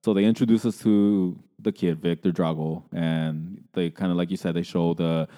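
A man's voice: sits low, steady tone, normal speed, mellow. A man co-hosting a casual movie podcast who laughs at himself and trails off mid-sentence. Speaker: podcast co-host. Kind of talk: casual movie review chat.

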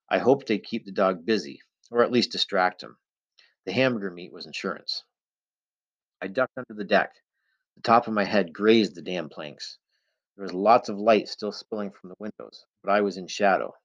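A man reading a first-person adventure story aloud with measured, tense storytelling. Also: low-pitched, fairly bright tone. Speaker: audiobook narrator. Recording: dull lo-fi recording.

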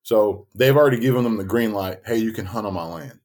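A man co-hosting a podcast, telling a story in casual chat, lively and swearing as he acts out quotes. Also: on the low side, quick pace. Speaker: podcast co-host.

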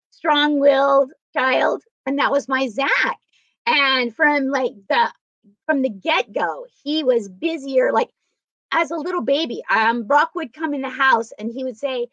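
A middle-aged woman, a guest in a storytelling interview, animatedly shares personal stories and acts out their dialogue. Her voice is high, and the sound is dull and dry.

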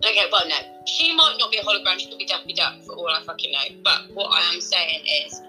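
A woman's voice: on the low side, fast talker, bright, forceful tone, soft background music, poor audio. A woman co-hosting a casual podcast, rambling playfully and swearing freely as she chats. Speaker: podcast co-host. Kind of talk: casual chat. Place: Devon, England.

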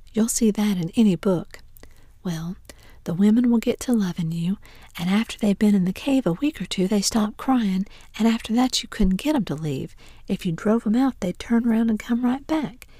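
A breathy, hushed whispered role-play of a bold, bossy boy, as a woman reads him, eager and full of schemes. The voice is mellow and soft, close and dry with no room around it. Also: mid-range voice, moderate pace, dry recording, natural voice.

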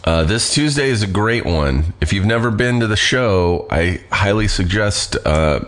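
A man's voice: lowish voice, lively intonation, measured pace, a bit bright. A middle-aged man hosting a podcast, rambling in a laid-back way with some swearing. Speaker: podcast host. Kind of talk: casual chat.

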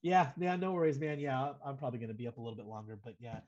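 A man's voice: medium pitch, racing, muffled recording. A young American man telling a long story in a casual, rambling way, full of "like" and restarts, as a guest on a soccer fan podcast. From United States. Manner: rambling, animated, heavy use of "like".

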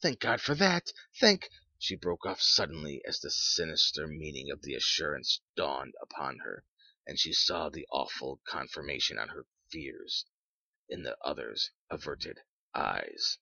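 A man reading a story aloud in measured, even narration, on a dull lo-fi recording. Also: a bass voice, gravelly, no room sound.

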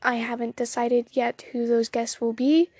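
Young southern girl chatting on her phone podcast, kinda high voice but pretty flat, lots of ums and giggles, dry close sound. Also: moderate pace, breathy edge, dry recording. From Southern United States. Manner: rambling, self-deprecating, giggly, many ums. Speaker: podcast host. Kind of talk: casual solo podcast chat.

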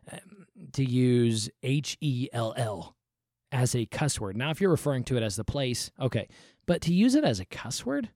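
A man's voice: fairly high pitch, darkish tone, no room sound, clean studio sound. A man hosting a Christian podcast, talking emphatically and with exasperation, repeating himself for emphasis. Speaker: podcast host. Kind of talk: conversational Christian podcast commentary.

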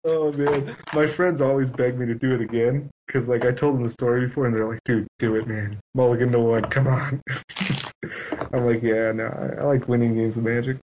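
A man's voice: medium pitch, steady tone, normal speed, a little mellow, a little hiss or hum, rough recording. A man on a podcast telling a long story in casual chat, acting out both sides of it. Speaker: guest.

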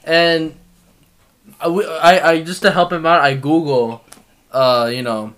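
Young adult man, slightly high pitch, lively casual storyteller. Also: unhurried. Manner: animated storytelling, frequent laughs and filler. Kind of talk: casual podcast chat.

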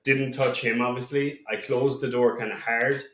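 A man's voice: mid-range voice, fairly even intonation, normal speed, a bit bright. A man guesting on a podcast, telling rambling, swear-filled stories with many restarts. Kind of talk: casual storytelling. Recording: echoey room with faint noise.

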